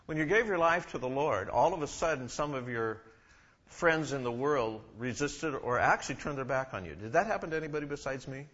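A man preaching a sermon to a congregation, often asking them questions and shifting between loud emphasis and quiet asides. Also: mid-range voice, animated, fairly quick, highs cut off. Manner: asks the congregation questions, rises and drops in volume.

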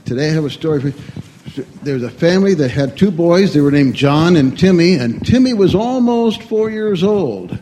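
A man telling a lively story to children as a children's sermon, asking them questions along the way. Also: a little high, moderate pace, slight background noise.

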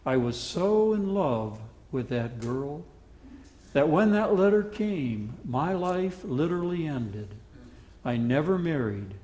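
A man's voice: fairly high pitch, lively intonation, slow, a little mellow, roomy sound. A preacher voicing a lovesick old man. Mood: wistful. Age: 70s. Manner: pleading, emotional. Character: lonely, lovesick old man in a nursing home.

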